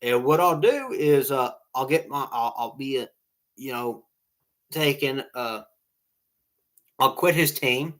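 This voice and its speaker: A man's voice: mid-range voice, expressive, slow, pauses often, a bit bright. A man telling rambling casual stories and jokes to online friends, often tacking on "all right?" and laughing at his own tales.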